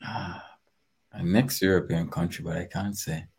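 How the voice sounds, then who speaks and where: A man who is a guest on a livestream, chatting in a relaxed, joking way. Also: low voice, normal speed, husky. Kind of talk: casual chat.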